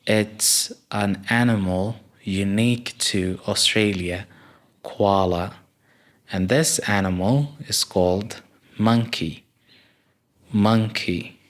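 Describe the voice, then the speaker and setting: Slow Somali-accented man teaching words. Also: fairly low pitch. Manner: names each word and repeats it slowly for learners. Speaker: English vocabulary teacher. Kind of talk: slow, deliberate vocabulary lesson.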